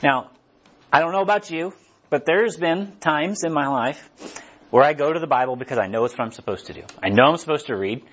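A man's voice: fairly high pitch, brisk, a bit bright. A man preaching in a chatty, conversational sermon style, poking fun at himself and putting questions to his listeners. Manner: chatty, self-deprecating, asks the audience questions. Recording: dull lo-fi recording.

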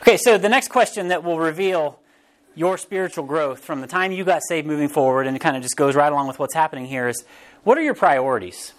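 A man preaching a sermon as pastor, in a casual, animated way, often restarting phrases and briefly acting out quotes. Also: on the high side, fast. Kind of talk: conversational sermon.

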